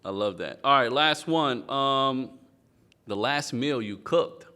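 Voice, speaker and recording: Podcast host asking quick questions. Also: male voice, mid-range voice, bright, forceful tone, clear, resonant tone. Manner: quick affirming interjections. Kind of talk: interview questions, game segment.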